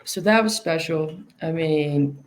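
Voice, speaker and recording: A woman's voice: low voice, takes it slowly, slight background noise. A woman in her thirties, a podcast guest, telling stories in casual chat, laughing often and restarting her sentences.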